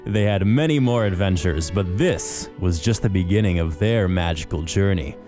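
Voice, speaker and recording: A low-voiced man co-hosting a podcast, with a pitch that swings widely. He narrates in a sinister movie-trailer style and chats casually between scenes. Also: expressive, normal speed, a little mellow, faint music behind. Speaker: podcast co-host. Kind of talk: casual chat and dramatic story narration.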